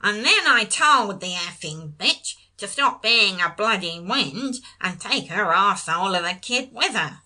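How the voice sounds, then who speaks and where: Woman doing a drunk pub man, crude swearing, slurred, bright edge. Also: high-pitched, lively intonation, measured pace, few pauses, exaggerated voice.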